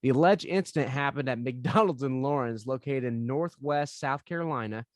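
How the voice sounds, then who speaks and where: A man hosting a podcast in loose, crude banter, chuckling as he goes and breaking off to read news stories out loud. His voice sits in a middle register and sounds close and dry, with no room around it. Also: medium pitch, moderate pace, no echo. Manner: crude, joking, laughs often, reads news aloud. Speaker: podcast host. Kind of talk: casual chat.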